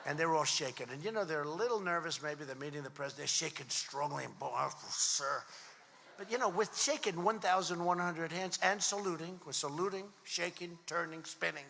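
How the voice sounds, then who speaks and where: Gravelly, pushed and bright, his voice on the high side, a man in his seventies rambles repetitively at a rally, telling stories conversationally. Slight background noise and long reverb from the large hall come through.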